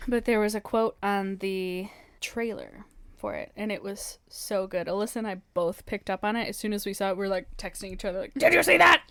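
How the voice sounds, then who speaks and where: A woman's voice: medium pitch, steady tone, fairly quick, clear, resonant tone. A woman co-hosting a podcast, playful and joking with lots of giggles in casual chat. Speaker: podcast co-host.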